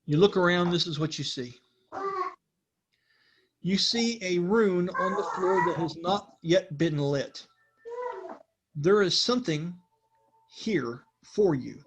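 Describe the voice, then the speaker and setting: A game master narrates a tabletop session in an easygoing, conversational manner, pausing with the odd filler. A faint hiss sits under the voice. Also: medium pitch.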